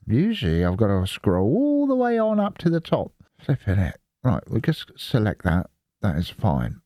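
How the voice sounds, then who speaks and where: A middle-aged man from the Isle of Wight, England, hosts Linux videos, rambling casually and swearing freely as he narrates a screen recording. His voice is fairly low with a dark tone. The studio-quality audio has no room sound.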